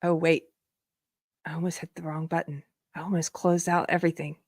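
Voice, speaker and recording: Low, dry-sounding woman host, casual and chatty live commentary. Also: little pitch movement, brisk, darkish tone, dry recording. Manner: chatty, laughs often, talks to viewers. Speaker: livestream host.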